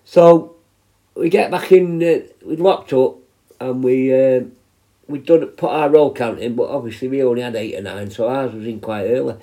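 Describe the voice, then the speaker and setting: Man in his fifties, prison healthcare worker, rambling casual storyteller, mellow low tone, swears a lot. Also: moderate pace. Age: 50s. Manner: rambling and sweary, with many restarts.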